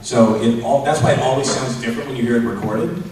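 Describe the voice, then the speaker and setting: A man on a convention panel, joking and trading quick asides, recorded from far off in a large hall. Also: mid-range voice, darkish tone. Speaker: voice actor panelist. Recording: echoey hall, far from mic, noisy.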